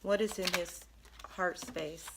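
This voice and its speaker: A woman giving an earnest, emotional spiritual card reading to her viewers, pausing often with ums. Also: fairly low pitch, fairly even intonation, background noise. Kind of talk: tarot reading monologue.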